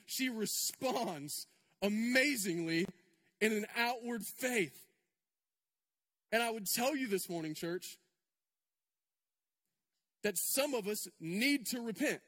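A man's voice: sits high, expressive, slow pace, pauses often, fairly bright tone, long reverb tail. A male pastor preaching a sermon in a church, conversational and emphatic, with repetitions and asides to the congregation. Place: church sanctuary.

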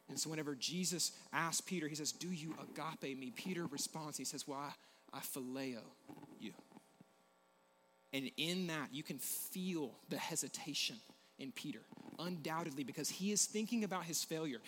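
Expressive male preacher, slightly high voice. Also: in a large hall, a little hiss or hum. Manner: expressive, shifts between loud emphasis and hushed intimacy. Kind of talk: sermon.

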